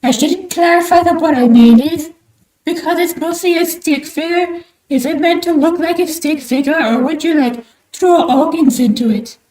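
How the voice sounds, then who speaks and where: A young woman from Australia, livestreaming while she draws, talking in a put-on, theatrical bird-persona voice that is loud and enthusiastic. Her throat sounds sore and strained. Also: sits high, moderate pace. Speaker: streamer. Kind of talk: livestream chat while drawing. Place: small room at home at night. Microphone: desk mic with high gain. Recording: roomy echo.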